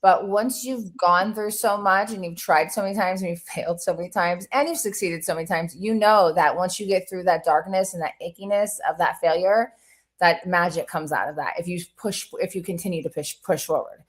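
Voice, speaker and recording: A woman's voice: lowish voice, a little fast. A woman hosting a casual webinar conversation, chatty and enthusiastic, affirming her guest as she talks. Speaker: webinar host.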